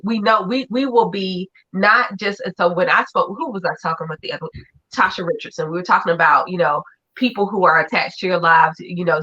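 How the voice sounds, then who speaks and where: Bright gushy woman host, casual chat, kinda muffled lo-fi audio. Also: fairly low pitch. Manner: effusive and animated. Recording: dull lo-fi audio.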